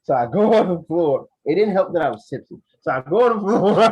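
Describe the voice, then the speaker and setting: A man co-hosting a podcast, telling an animated, profane story and acting out his own lines. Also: a little high, fairly quick, breathy edge, no room sound. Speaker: podcast co-host. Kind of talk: casual storytelling chat. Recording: dry, dull lo-fi sound.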